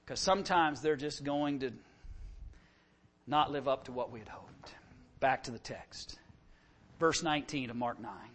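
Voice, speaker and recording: A man's voice: medium pitch, a little slow, pauses often, a bit bright. A middle-aged man preaching a sermon as pastor, impassioned and full of rhetorical questions.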